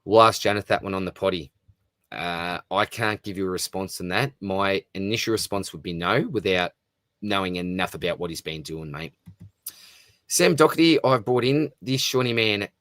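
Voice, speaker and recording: Aussie bloke on a live stream, lowish voice, dry close mic, matey and chatty. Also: male voice, moderate pace, a bit bright, no echo. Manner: matey, chatty, often says "mate". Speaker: fantasy football live stream host. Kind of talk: casual live stream chat reading comments.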